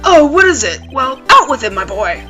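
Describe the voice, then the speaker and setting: A woman's voice: high-pitched, big pitch swings, normal speed, bright, forceful tone, soft background music, exaggerated voice. A woman voicing an older male lawyer with a put-on Southern US accent, fatherly, fussy and old-fashioned in speech. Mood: troubled.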